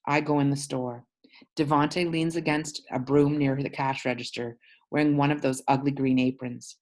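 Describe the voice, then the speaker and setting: Woman teacher, very deep voice, reads a novel aloud and explains words as she goes. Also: steady tone, moderate pace, a little mellow. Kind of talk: reading a novel aloud to a class.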